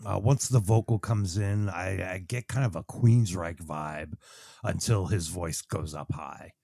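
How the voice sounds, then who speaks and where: A man's voice: low-pitched, measured pace, gravelly, warm tone, no room sound, studio quality. A man co-hosting a music review podcast in laid-back, brief casual chat. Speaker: podcast co-host reviewing albums.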